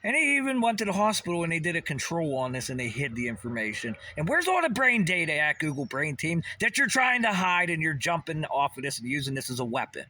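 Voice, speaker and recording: A man's voice: fairly high pitch, sing-song, quick pace, hardly any pauses, sharp tone. A man delivering a rambling, intense monologue as a vlogger, swearing often and repeating questions.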